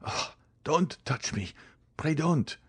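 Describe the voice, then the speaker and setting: A man's voice: fairly high pitch, animated, slow pace, fairly bright tone, slightly rough, dry recording, voice pushed up, full character voice. A man doing a suffering old servant. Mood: anguished. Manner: strained, pained pleading.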